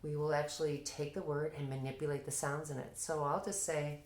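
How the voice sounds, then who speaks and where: A woman with a notably low voice explains how she teaches reading, breaking into an animated classroom tone to demonstrate prompts. The recording has the hollow echo of a bare room. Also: brisk, few pauses. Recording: echoey room.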